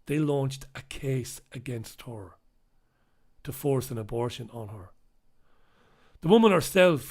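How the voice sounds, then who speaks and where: A man's voice: medium pitch, darkish tone. Impassioned man hosting a news review. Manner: impassioned and emphatic, repeats points for weight; blunt and swears in anger. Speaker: show host reviewing newspapers. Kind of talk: live solo commentary on the news.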